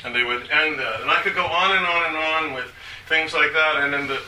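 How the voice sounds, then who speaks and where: A man's voice: a little high, pushed and bright. Older man, rambling, in an echoey room. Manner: rambling, halting, with many restarts. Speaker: speaker on church liturgy. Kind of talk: informal talk to a small group. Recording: echoey room from far off, faint hiss.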